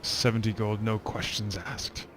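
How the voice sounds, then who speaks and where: A man's voice: on the low side, fairly even intonation, a little slow, a bit bright, slight background noise. A man voicing a stern ship captain who is curt and cold, and only wants gold.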